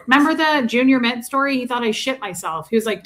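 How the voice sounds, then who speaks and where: A woman's voice: a little high, animated, fast, fairly bright tone. A woman in her forties co-hosting a livestream, chatting casually and bluntly, greeting viewers and swearing freely. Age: 40s. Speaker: co-host of a livestream. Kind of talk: casual chat reading viewer comments.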